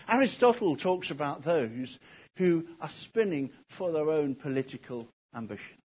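A man with a high-pitched, slightly breathy voice preaches an expository sermon, posing rhetorical questions and repeating key phrases. The recording is dull and lo-fi.

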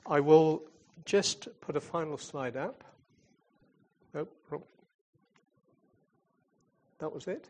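On the high side and a little mellow, he takes it slowly with long pauses. He represents a charity in churches, delivering an informal, chatty talk that ends in prayer, with halting, restarted stories from a self-styled fun-loving comedian type.

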